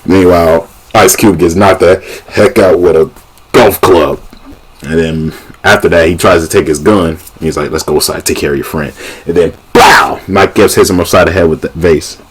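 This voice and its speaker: A young man vlogging a casual movie recap, an animated storyteller who keeps laughing and acting out the scenes. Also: sits low, normal speed, husky. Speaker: YouTube vlogger.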